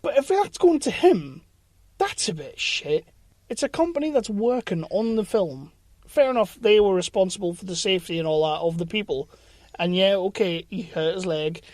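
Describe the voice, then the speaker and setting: Bloke on a podcast going through film news, chatty, swears a lot, dry recording. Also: male voice, sits high, lively intonation, moderate pace, darkish tone, dry recording. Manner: chatty, swears, laughs easily. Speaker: podcast co-host. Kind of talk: casual chat.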